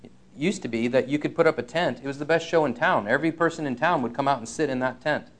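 A man's voice: medium pitch, quick pace. A middle-aged man from Canada preaching a sermon in an earnest, urgent way, repeating his key phrases.

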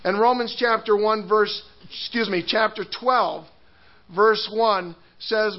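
A man's voice: high voice, fairly even intonation, slow pace, highs cut off. A man preaching a sermon, telling a story with laughs and restarts before turning to scripture. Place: church hall.

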